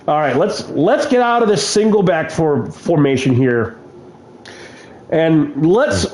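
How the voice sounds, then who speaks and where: A man playing a football video game and commentating his plays, given to shouting at the game. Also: fairly high pitch, roomy sound. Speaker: gaming video host.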